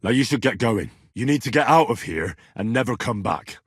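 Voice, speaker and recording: A man voicing a young medieval commoner hero, blunt and quick to swear when angered, with a husky voice. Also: medium pitch, animated, dry recording, clean studio sound. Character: young male medieval blacksmith's son, blunt and hot-tempered. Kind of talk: video game voice lines.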